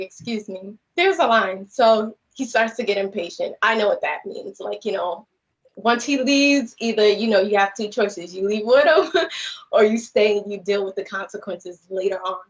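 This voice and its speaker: Earnest woman telling her story, dull lo-fi audio. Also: medium pitch. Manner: earnest, rambling retelling full of "you know" and "like". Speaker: guest speaker. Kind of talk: personal storytelling on a podcast. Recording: slightly dull lo-fi livestream audio.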